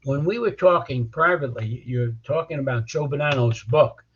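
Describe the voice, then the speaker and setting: A man's voice: mid-range voice, normal speed, slight background noise. An older man, a criminal defense lawyer, telling stories bluntly in an interview, often repeating words as he starts a sentence. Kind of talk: storytelling interview. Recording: dull lo-fi audio.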